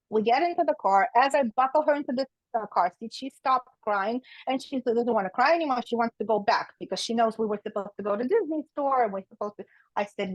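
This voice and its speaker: A woman's voice: fairly high pitch, brisk, no echo, lo-fi sound. Opinionated woman telling a story. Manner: opinionated storytelling, acts out quoted dialogue. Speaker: author and guest. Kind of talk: conversational interview.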